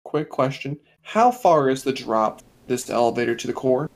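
A man playing in a tabletop game, joking and firing off quick questions. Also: medium pitch, animated. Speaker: player. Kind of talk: casual game chat.

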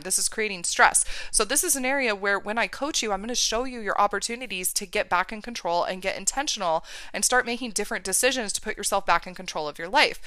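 A woman's voice: mid-range voice, pushed and bright, clear, resonant tone, no echo. A woman life coach talking on a podcast, emphatic and casual, with the odd swear word.

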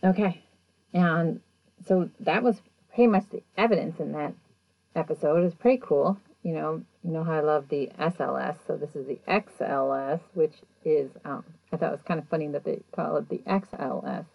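Low-voiced chatty woman podcaster. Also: moderate pace, gravelly, no room sound, highs cut off. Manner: chatty, animated retelling with quoted voices. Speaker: podcast host. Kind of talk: casual episode recap.

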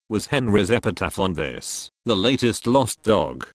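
Male audiobook narrator, low voice, lively intonation, drawls the dialogue; dry close recording. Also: unhurried, few pauses, no room sound.

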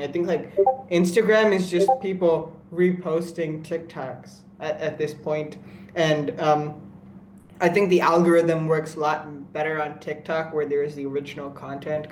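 A young guy chatting on a podcast with a fairly high voice, excitable and quick to laugh, dropping swear words as he goes. The room around him rings with echo and a faint hum of ambience sits underneath. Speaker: podcast co-host. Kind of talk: casual chat.

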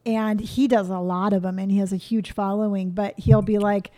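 A woman from California chatting casually as host, talking quickly and freely. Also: mid-range voice, fairly even intonation, warm tone. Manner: quick, chatty, self-described fast talker. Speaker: YouTuber and host. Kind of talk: casual chat.

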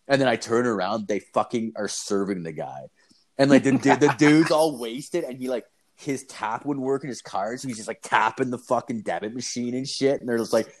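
A man's voice: lowish voice, fairly quick, a little mellow. A young man in his twenties on a podcast, telling a rambling, profanity-heavy story with lots of filler words. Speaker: podcast co-host. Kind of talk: casual storytelling chat.

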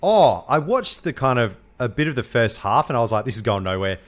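A man's voice: mid-range voice, big pitch swings, fairly quick. An Australian man co-hosting a podcast, bantering in a casual, matey way. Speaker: podcast co-host. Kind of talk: casual chat.

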